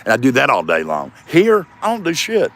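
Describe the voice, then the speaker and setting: A man's voice: mid-range voice, huge pitch swings, brisk, a bit bright. A man in his fifties rambling and swearing in a self-mocking solo vlog, recorded outdoors in a front yard. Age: 50s. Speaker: comedian vlogger. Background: passing traffic.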